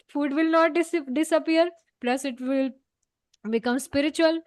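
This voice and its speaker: Brief: woman teacher, high bright register, explains scripture earnestly. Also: takes it slowly, no room sound. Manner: earnest, explaining, frequent "you know" fillers. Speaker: study group leader. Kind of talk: devotional scripture class.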